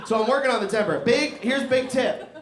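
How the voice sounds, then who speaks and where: A young man delivers a profane stand-up set in a slightly high, very lively voice, often laughing as he talks. The room is echoey and audience noise is clearly heard. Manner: profane, animated, laughing through punchlines. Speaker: stand-up comedian. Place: comedy club in a barbershop.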